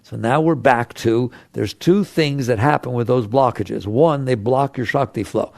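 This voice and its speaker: A man's voice: medium pitch, unhurried, creaky, darkish tone, no room sound, clean studio sound. A man giving a conversational spiritual talk to an audience, asking rhetorical questions and acting out people's inner voices. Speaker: spiritual teacher.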